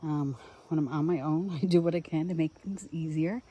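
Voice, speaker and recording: A woman's voice: low-pitched, normal speed, dark tone, slightly rough. A woman talking casually to the camera as she sets up a solo campsite, rambling and chatty. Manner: chatty, rambling, talks to the viewer while working. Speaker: solo camping vlogger. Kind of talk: casual camping vlog. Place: outdoor campground. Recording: outdoor campsite noise. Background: outdoor ambience, passing trains and planes.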